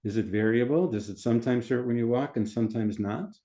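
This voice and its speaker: A man, a physician, explaining his methods in an interview in a calm, methodical way, often repeating phrases. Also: mid-range voice, a little fast.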